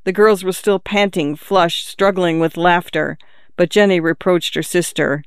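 A narrator reading a novel aloud in a measured, calm storytelling manner, lifting the pitch for the characters' lines. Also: clean tone, dry recording, studio quality.

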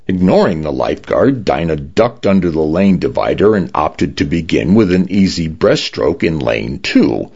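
A man reading a story aloud as an expressive audiobook narrator. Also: extremely low pitch, normal speed, creaky, few pauses, husky. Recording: dull lo-fi recording.

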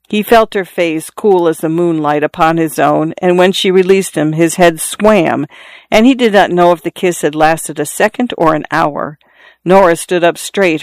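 A narrator reading a literary story in a measured, steady way. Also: mid-range voice, no echo. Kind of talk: audiobook narration.

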